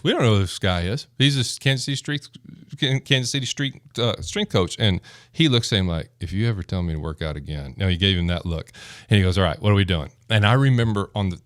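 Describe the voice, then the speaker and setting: A former football lineman, guesting on a casual podcast, tells stories as an animated storyteller who acts out the quotes. His voice is on the low side, and the recording is dry with clean studio sound.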